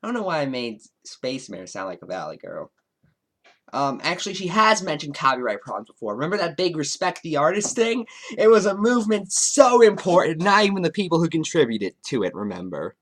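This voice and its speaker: A man hosting a commentary video, talking in a sarcastic, mocking way. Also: fairly quick. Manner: sarcastic, mocking, with lively swings in pitch. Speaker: commentary YouTuber.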